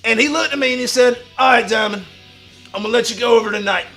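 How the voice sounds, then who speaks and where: A man hosting a livestream in a wrestler persona, boastful and profane, talking like a wrestling promo and bursting into shouts. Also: very high voice, quick pace, faint music behind. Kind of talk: brash wrestling promo talk.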